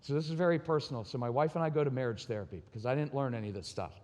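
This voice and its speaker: A man's voice: medium pitch, very fast, darkish tone. A man giving a candid, personal talk at a conference, acting out bits of dialogue as he tells his stories. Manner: candid, acts out quoted dialogue. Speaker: conference speaker on parenting and marriage. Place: conference hall. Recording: long reverb of a large hall.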